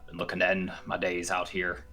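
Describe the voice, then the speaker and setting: A man voicing an old, half-blind dwarf baker who talks like a pirate, halting and gruff. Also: sits low, monotone, bright, forceful tone, soft background music. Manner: pirate-style drawl, halting.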